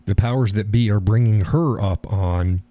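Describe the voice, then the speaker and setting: A man's voice: lowish voice, normal speed, dull audio. A man hosting a live stream, talking casually and rambling, chuckling at his own remarks.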